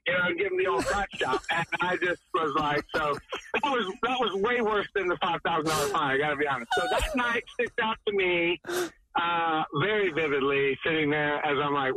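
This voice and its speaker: A man telling an animated, laughing golf story as a guest. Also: high voice, moderate pace, crowd noise, low-quality recording. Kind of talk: casual storytelling.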